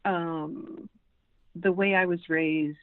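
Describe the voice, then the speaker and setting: A woman in her sixties speaks slowly in a fairly low voice, hesitant and full of ums and restarts as she chats in an interview. Her voice arrives over a thin, phone-like line, dry and close. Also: steady tone, no room sound. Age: 60s. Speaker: podcast guest. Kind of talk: casual interview conversation.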